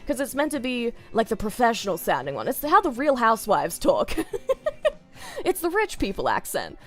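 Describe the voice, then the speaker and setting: An Australian woman chats on a stream in a high, bouncy voice that swoops up and down, breaking into giggles as she drifts from one tangent to the next. Soft music plays faintly behind her. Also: wildly swooping pitch, moderate pace. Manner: giggly, chatty, rambling tangents. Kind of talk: casual stream chat.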